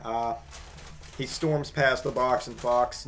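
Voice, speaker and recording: A man giving casual comedic commentary on a picture book, wry and rambling, halting often with fillers. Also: mid-range voice, fairly even intonation, fairly bright tone, soft background music.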